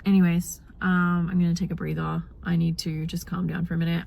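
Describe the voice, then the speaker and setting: A woman's voice: fairly low pitch, flat delivery, fast talker, gravelly, hardly any pauses, darkish tone, a little hiss or hum. A young woman vlogging, venting in an agitated, rambling way with lots of swearing. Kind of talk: casual venting vlog.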